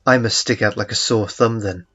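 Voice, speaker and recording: A man reading a story, voicing a practical outdoorsy woman investigator who speaks bluntly, in a low voice close to his own. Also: fairly even intonation, moderate pace, sharp tone, husky, muffled recording. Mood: rueful.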